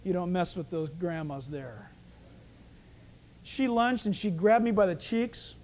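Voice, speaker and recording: A man's voice: high-pitched, a little slow, a little hiss or hum. A man preaching a sermon as pastor, telling stories and acting out the dialogue. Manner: animated storytelling, acting out dialogue.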